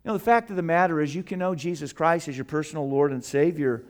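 A man preaching a sermon as pastor. He drops low and soft, then builds to loud, emphatic peaks, and slows down to stretch out the scripture quotes. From United States. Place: church sanctuary.

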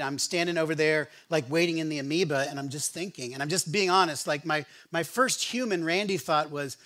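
A man preaching a sermon as pastor, telling a story in a relaxed, conversational way with frequent restarts. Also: on the high side. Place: church sanctuary.

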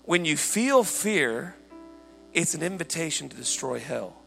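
A man preaching a sermon, telling a story in an animated way and shouting at the high points. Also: a little slow, gravelly. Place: church hall. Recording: large hall reverb with faint music.

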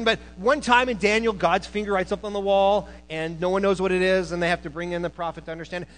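A man preaching a sermon to a church, animated, moving between loud emphasis and quiet asides, who also teaches college students. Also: high-pitched, rough recording.

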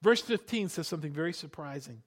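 A pastor with a fairly high-pitched voice preaches quickly and with animation. He builds to loud passages, then drops into hushed emphasis, and has the congregation repeat words after him.

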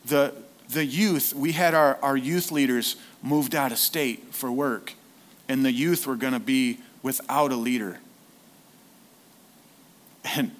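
A man's voice: a little high, fairly bright tone. A man preaching a sermon in a casual, conversational way, often asking the congregation questions. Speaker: lay preacher, former youth leader.

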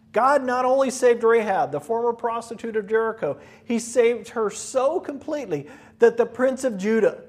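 A man preaching a sermon as pastor, animated and storytelling, acting out voices. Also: sits high, slightly rough.

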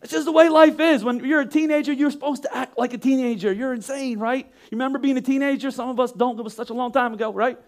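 A man's voice: very high-pitched, steady tone, fast, hardly any pauses. A man in his thirties preaching a sermon, emphatic and rhetorical, often acting out the voices of the people he quotes. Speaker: pastor.

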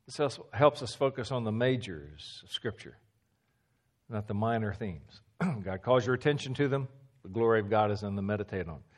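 A man preaching a teaching sermon, emphatic, repeating key phrases and dropping to a low hush for stress, with a few stammers. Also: lively intonation, moderate pace.

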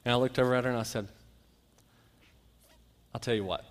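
A man preaching a sermon, telling Bible stories and a personal anecdote and acting out the quotes with lively shifts. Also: medium pitch, a little fast. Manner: storytelling, animated, acts out quotes.

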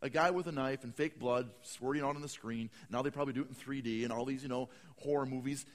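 A man preaching a sermon, swinging from hushed, slow lines to loud, dramatic bursts. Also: medium pitch, steady tone, long reverb tail. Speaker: pastor.

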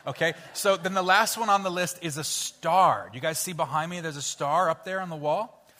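A man leading an interactive children's Bible story in church, playful and coaxing as he cues the kids to shout sound effects. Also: a little high, moderate pace. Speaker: children's pastor. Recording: hall reverb with faint music.

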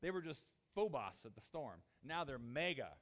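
A man preaching a sermon, animated, acting out the disciples' desperate cries. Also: a little high, moderate pace. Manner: animated, acts out voices of the disciples. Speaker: pastor.

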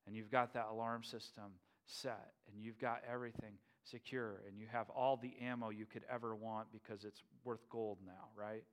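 A man preaching a sermon, lively and humorous, acting out scenes. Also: lowish voice, moderate pace, hardly any pauses. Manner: animated, acts out biblical figures with playful humor. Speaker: pastor.

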